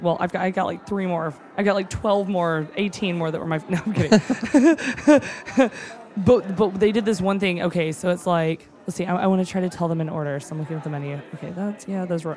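An excitable cook gushes in casual chat, piling on fillers and the occasional swear word. Her middle-pitched voice moves briskly and swells with emotion until she is almost in tears.

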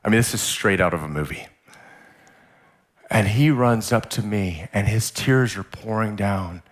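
A man preaching a sermon as a guest pastor, telling a story in a vivid, animated way. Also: lowish voice, measured pace. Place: church service.

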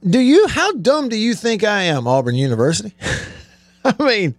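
A man's voice: high voice, wildly swooping pitch, moderate pace, dry recording. Male sports radio host, middle-aged, fired-up sarcastic rant, dry close sound. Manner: heated, sarcastic ranting with rising emphasis. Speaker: sports talk show host. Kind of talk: live-streamed sports talk monologue.

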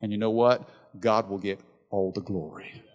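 A man's voice: lowish voice, steady tone, normal speed. Passionate preacher man in an echoing hall. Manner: passionate preaching, swinging from loud emphasis to soft quiet. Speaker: pastor. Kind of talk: sermon. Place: large church hall. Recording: reverberant church hall.

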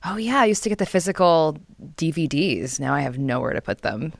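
A young woman co-hosting a podcast, chatting casually and telling animated stories, acting out quotes with quick laughs. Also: low voice, vocal fry, no echo, studio quality. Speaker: podcast co-host. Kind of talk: casual chat.

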